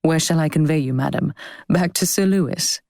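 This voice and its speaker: A playful young gentleman with a fondness for mock-formal teasing, as a woman narrator puts him on. His banter is dry and lightly low-pitched. The recording sounds close and dry, with no room echo. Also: normal speed.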